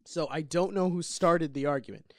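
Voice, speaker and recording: Speaking at a moderate pace in a voice on the high side, this young co-host of a casual comedy podcast rambles, cuts himself off and laughs frequently. The audio has no echo and is studio quality.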